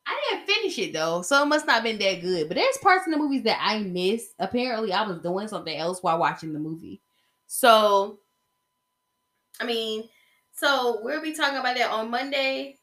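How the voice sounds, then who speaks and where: A young woman hosting her own podcast, chatting casually and animatedly, getting excited as she tells stories. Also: a little high, moderate pace. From Atlanta area. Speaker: podcast host. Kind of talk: casual solo podcast chat.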